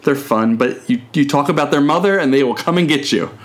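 A man's voice: mid-range voice, fairly quick. A man co-hosting a casual podcast chat, joking around with frequent fillers and reading facts aloud. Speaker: podcast co-host.

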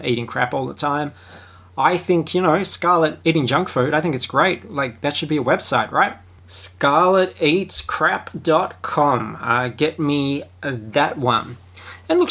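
A man giving a casual, sarcastic and jokey film review, animated and chatty. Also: medium pitch, slightly rough.

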